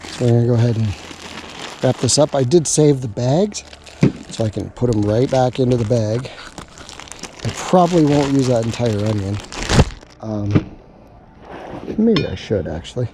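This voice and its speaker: A man vlogs while cooking outdoors at a camp spot, chatty and joking, muttering to himself as he works. He speaks at medium pitch and a moderate pace, with frequent pauses. There is background noise.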